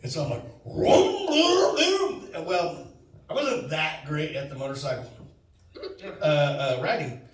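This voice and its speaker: A man's voice: fairly high pitch, moderate pace, long pauses. A man telling a stand-up story, rambling and acting out his friend's lines. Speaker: stand-up comedian. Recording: echoey room from far off.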